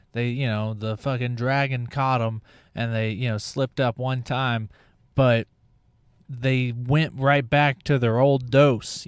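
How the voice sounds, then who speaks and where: Brief: male podcast host, unhurried delivery, smooth clear tone, profane rambling comic monologue. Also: medium pitch, no room sound, clean studio sound. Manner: rambling, profane, full of tangents and restarts. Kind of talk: casual comedic monologue.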